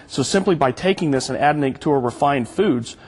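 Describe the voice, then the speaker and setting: A man's voice: fairly high pitch, lively intonation, a little fast, breathy edge. A man appearing as a guest on a TV show, earnestly explaining a product in interview answers. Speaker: product spokesman, studio guest.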